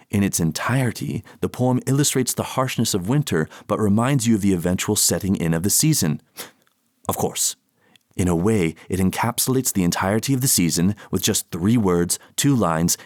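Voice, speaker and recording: A man's voice: low-pitched, moderate pace, no echo, studio quality. A man reading his own audiobook, moving between mock-earnest, theatrical literary analysis and short poems. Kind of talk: audiobook narration of poems and essays.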